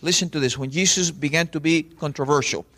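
A man's voice: a little high, fairly quick. A man, a pastor preaching a sermon in church and telling stories straight to the congregation. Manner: animated storytelling preacher, addresses crowd directly.

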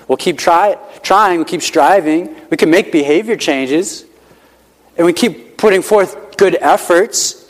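A male pastor preaching a sermon in a conversational, emphatic way, repeating key lines and often saying "like". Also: fairly high pitch. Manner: conversational, emphatic repetition, frequent "like" fillers. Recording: hall with long reverb.

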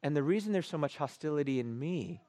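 A man preaching a sermon as a pastor, telling stories with animated, playful self-mockery. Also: fairly high pitch, fast.

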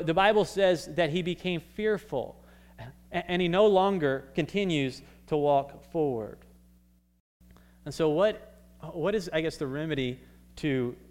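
A young man preaching a sermon in a relaxed, conversational way, with frequent fillers and restarts. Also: on the high side. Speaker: pastor. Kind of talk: casual sermon.

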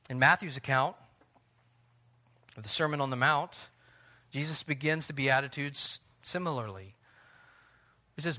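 A man in his thirties preaching a sermon, earnest, building to emphatic peaks and then dropping to a soft, quiet delivery. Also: mid-range voice. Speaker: pastor.

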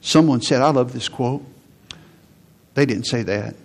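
A male pastor delivers a sermon in a conversational way. His voice is gravelly with a husky edge. He slips into other people's words to act them out. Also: mid-range voice, unhurried. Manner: conversational preaching, acts out quotes.

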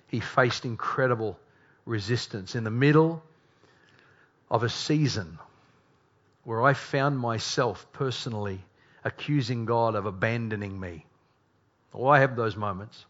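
A middle-aged male pastor preaching a sermon, earnest, moving between hushed confession and loud, emphatic passages. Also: mid-range voice, normal speed. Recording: dull lo-fi recording.

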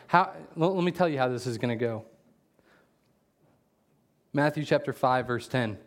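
A man preaching in a loose, conversational way, trading jokes for slow, careful scripture readings. His voice sits at an ordinary middle pitch and jumps into loud, animated bursts when he gets going. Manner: reads scripture aloud slowly. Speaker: pastor. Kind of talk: casual conversational sermon.

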